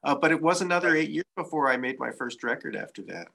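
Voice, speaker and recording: A man talks through his musical career in an easygoing, reflective way, often pausing on fillers as he tells his stories. His voice sits fairly high and sounds clearly bright. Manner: relaxed, reflective storytelling with frequent fillers. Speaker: saxophonist guest. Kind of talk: casual interview chat.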